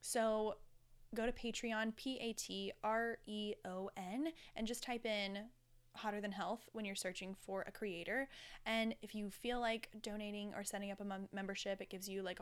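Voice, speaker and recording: A woman rambles casually through her solo podcast, candid and chatty with the odd swear word. Her voice is smooth and clear, sitting in a middle pitch. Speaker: podcast host.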